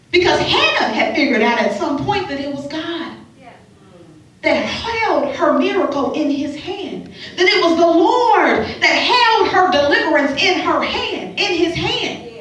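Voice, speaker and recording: Impassioned woman preaching in an echoey hall. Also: very high voice. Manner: impassioned preaching, rising and dropping to a hush. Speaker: pastor. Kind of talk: sermon. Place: large church sanctuary. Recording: echoey hall, far from the mic.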